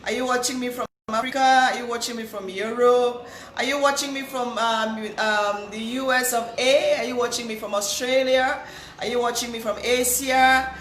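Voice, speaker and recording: High-voiced woman host with a cold. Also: steady tone, normal speed. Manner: warm repetitive greetings, chatty. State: nasal with a cold. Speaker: livestream host. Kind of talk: live-stream greeting viewers. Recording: echoey room with faint hiss.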